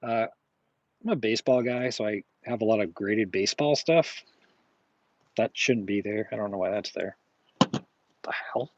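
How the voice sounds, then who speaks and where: A man's voice: on the low side, moderate pace, long pauses, highs cut off, slight background noise. A man streaming from his flea market stall, chatting casually in a rambling way, with many fillers and self-corrections. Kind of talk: casual live-stream chat.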